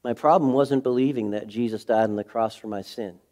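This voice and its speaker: A pastor giving a sermon, earnest and confessional, swinging from a hushed intimate tone to fervent preaching. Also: male voice, mid-range voice, a little fast. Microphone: speaking to a camera.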